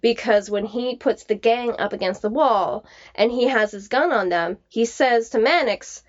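A woman's voice: on the high side, moderate pace, lo-fi sound. A woman co-hosting a casual film discussion, analytical and confident. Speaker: film podcast co-host.

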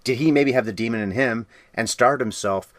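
Brief: male podcast co-host, brisk and chatty, dry studio sound. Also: mid-range voice, dry recording. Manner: quick, talkative, jokey asides. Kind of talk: casual film discussion.

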